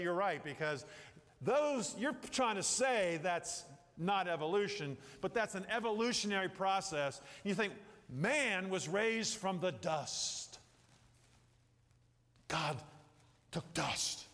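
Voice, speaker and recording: Middle-aged guy preaching, kinda high voice, rambly and jokey, lots of church hall echo. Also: fairly bright tone. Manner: rambling, jokey asides with acted-out quotes. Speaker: pastor. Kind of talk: sermon. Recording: hall reverb.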